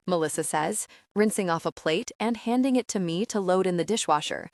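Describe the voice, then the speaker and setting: A woman narrating a young-adult audiobook in the first person, with steady, even storytelling. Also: fairly low pitch, fairly quick, hardly any pauses, no room sound, clean studio sound.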